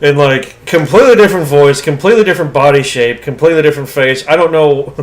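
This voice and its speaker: Chatty opinionated man, slightly high voice. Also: quick pace. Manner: chatty, opinionated, swears casually. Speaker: podcast co-host. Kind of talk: casual movie chat.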